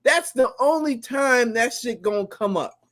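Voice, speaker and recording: A man co-hosting a live stream in casual chat, animated and slangy, laughing often. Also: very high-pitched, measured pace.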